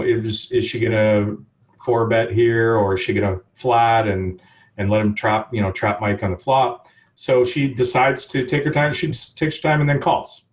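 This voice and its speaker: A man co-hosting a podcast, casually recounting a poker hand in a relaxed, rambling way with many fillers. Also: medium pitch. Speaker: podcast co-host.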